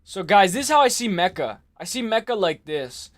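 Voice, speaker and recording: A young man hosting a livestream in casual chat, excitable and rambling, often repeating himself and saying "like" and "bro". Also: high voice, normal speed. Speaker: livestream host.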